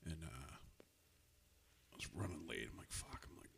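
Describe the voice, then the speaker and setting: A man's voice: rumbling low, lively intonation, moderate pace, vocal fry, background noise. A man in casual podcast chat, telling a profane story and acting out his own lines. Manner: profane storyteller, quotes himself. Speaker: podcast co-host.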